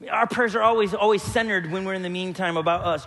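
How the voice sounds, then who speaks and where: A man's voice: high-pitched, fast, few pauses, fairly bright tone, in a large hall. A man preaching a sermon as a pastor, joking and telling stories while acting out the voices of people he quotes. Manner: humorous storytelling, quoting others in voices. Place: church hall.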